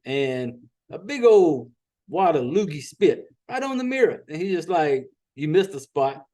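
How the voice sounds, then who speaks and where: High-voiced Southern man recapping a movie. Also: sing-song, unhurried, warm tone. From Southern United States. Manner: profane, rambling storyteller. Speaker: podcast host.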